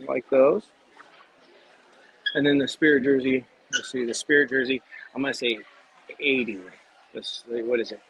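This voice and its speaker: A man's voice: medium pitch, a bit bright, breathy edge, poor audio. A man hosting a casual walking livestream, chatty and rambling, from a shop in a theme park. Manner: rambling, chatty, quick asides. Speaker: livestream host.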